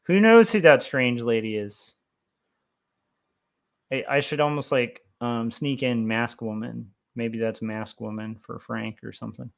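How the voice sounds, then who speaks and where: A young man talking loosely to his stream audience while he sketches, in a mid-pitched voice. He drifts from thought to thought with plenty of fillers and sounds keen on the history he's digging into. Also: unhurried, gravelly. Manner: rambling, many fillers, excitable about history. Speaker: comic artist streaming his drawing. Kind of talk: casual livestream chat while drawing.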